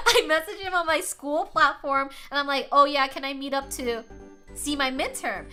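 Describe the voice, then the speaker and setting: A young woman streaming, telling a story to her chat in a casual, animated way, laughing often and swearing freely. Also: high-pitched. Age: young adult. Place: home streaming setup.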